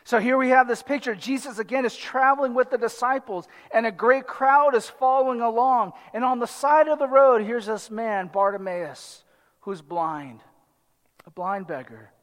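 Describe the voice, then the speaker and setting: A man with a strikingly high voice delivers an expository sermon, reading a passage and then retelling it with lively acted-out quotes. His voice rings through a hall with a long reverb. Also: moderate pace. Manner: animated, dramatizes the crowd and the blind man in quotes. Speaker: preacher.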